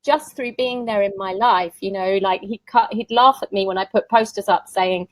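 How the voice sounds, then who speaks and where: A woman talks as an interview guest, chatty and quick to laugh. Her voice sits at an ordinary pitch for a woman. The recording is dry and close, with almost no room sound. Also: no echo, low-quality recording. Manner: chatty storyteller who laughs often. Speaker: tarot reader, summit guest. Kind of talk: casual conversational interview.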